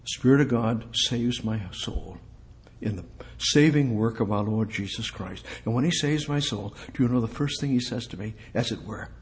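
A man delivering a sermon and reading Bible verses aloud. He presses his points by repeating short phrases and putting questions to his listeners. His voice rises into loud exclamations and then drops to quiet asides. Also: moderate pace. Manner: swings between loud exclamations and low asides. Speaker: preacher.

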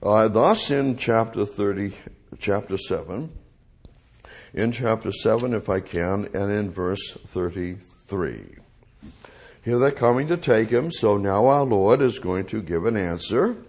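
A man's voice: fairly low pitch, animated, a little slow, darkish tone, breathy edge. A man teaching the Bible verse by verse, repeating phrases and restating each verse in plain everyday words.

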